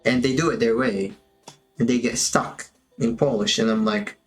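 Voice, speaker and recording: A man's voice: mid-range voice, fairly even intonation, normal speed. A man with a mid-range voice walks viewers through his animation work in a loose, chatty way. He talks to himself as he works, with faint music playing behind him. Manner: casual, chatty, talks to himself while working. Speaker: animation instructor. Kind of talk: livestream tutorial commentary.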